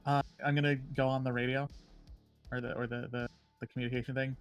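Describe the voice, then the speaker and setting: Man, tabletop player, middle pitch, chatty, joking asides, faint background music. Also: level tone, fast talker, clear, resonant tone. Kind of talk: casual tabletop game play.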